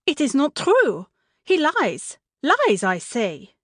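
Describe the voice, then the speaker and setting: A woman's voice: big pitch swings, measured pace, no echo, clean studio sound. A woman voicing an indignant maid who is hiding a false identity, in a play reading. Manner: shrill, indignant protests. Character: cornered female maid posing as French, defiant. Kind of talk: amateur audiobook play reading.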